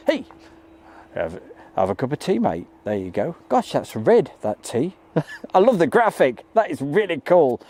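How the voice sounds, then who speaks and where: A man, chatting casually as he hosts a live stream outdoors and greets viewers by name. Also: mid-range voice. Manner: chatty, reads out viewer names and greets them warmly. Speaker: livestream host. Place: outdoors by an airport.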